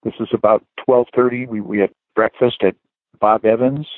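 A man's voice: medium pitch, fairly even intonation, moderate pace, dry recording. A man, a guest musician, telling rambling anecdotes in a casual interview, full of chuckles and "you know" fillers. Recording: dry tinny phone line.

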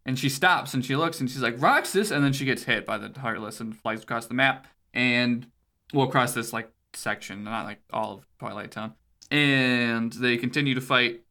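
A man with a bright, forceful voice chats casually as a podcast co-host, walking through a game's cutscenes. He rambles, swears freely and laughs along the way. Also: mid-range voice, normal speed. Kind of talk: casual chat recapping a video game.

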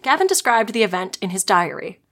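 A woman's voice: mid-range voice, lively intonation, a little fast, a bit bright. Chatty, giggly woman podcast host. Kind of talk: casual podcast storytelling.

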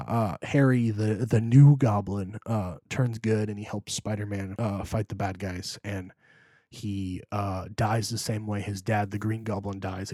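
A young man talks through a film scene by scene on a podcast, circling back with fillers. His voice sits low and husky. The sound is dry and close. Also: warm tone, no echo. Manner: rambling, emotional retelling with many fillers. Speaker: podcast co-host. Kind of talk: casual chat.

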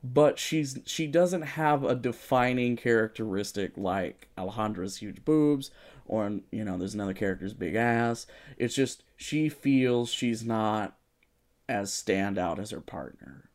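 A man's voice: on the low side, lively intonation, a little mellow. A man hosting a podcast in a casual, jokey way, reading ads and riffing on books while coming down with a sore throat. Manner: jokey, self-mocking, quick asides. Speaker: podcast host.

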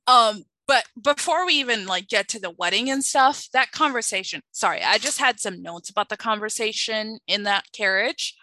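A woman co-hosting a podcast in casual chat, animated and acting out quotes. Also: moderate pace, few pauses, no echo, poor audio. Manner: animated, acts out quotes with big pitch jumps. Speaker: podcast co-host.

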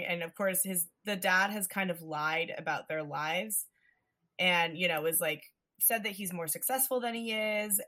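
A woman talks through a film in easy, casual chat. Her voice is bright and forward, and she keeps slipping into animated quoted lines from the characters. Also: fairly low pitch.

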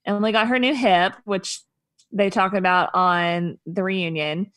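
A woman's voice: medium pitch, fairly even intonation, a little slow, a bit bright, dry recording. A woman co-hosting a podcast, chatting casually and gossiping, laughing a lot and acting out quotes. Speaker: podcast co-host. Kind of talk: casual chat.

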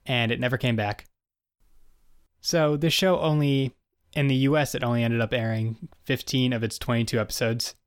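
A man's voice: mid-range voice, steady tone, moderate pace, smooth, dry recording, clean studio sound. A young man co-hosting a podcast, casually recounting a sitcom's history with plenty of filler words. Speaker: podcast co-host. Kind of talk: casual chat reviewing an old sitcom.

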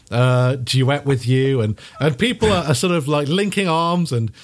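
A man's voice: mid-range voice, a little slow. A man narrating as game master of a tabletop game, rambling with many restarts and laughing along.

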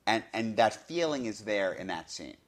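Low-voiced excited man reviewing a film. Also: moderate pace. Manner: excited, fills with "you know". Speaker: podcast host. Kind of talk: casual film review chat.

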